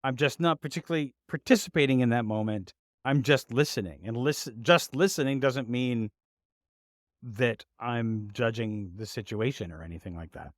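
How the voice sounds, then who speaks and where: A man's voice: medium pitch, normal speed, no echo, clean studio sound. A man co-hosting a podcast in casual chat, laughing often, restarting sentences and joking about himself. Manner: laughs often, many restarts, self-deprecating. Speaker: podcast co-host.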